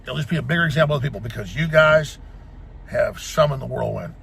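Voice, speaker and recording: A man's voice: mid-range voice, fairly quick, creaky, a bit bright, a little hiss or hum. A man giving an impassioned, defiant rallying speech, urging listeners to action. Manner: fiery, defiant and exhortative.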